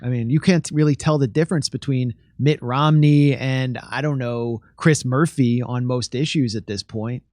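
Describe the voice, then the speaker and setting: Earnest fast-talking male guest. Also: mid-range voice, fairly even intonation, darkish tone, no room sound, studio quality. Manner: earnest, rapid, with restarts and fillers. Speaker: guest commentator. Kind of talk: casual political chat.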